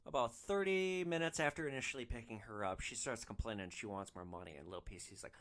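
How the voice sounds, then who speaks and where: A man hosting a storytelling podcast, animated and excitable, swearing casually as he recounts his stories. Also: medium pitch, quick pace, few pauses. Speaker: podcast host, rideshare driver.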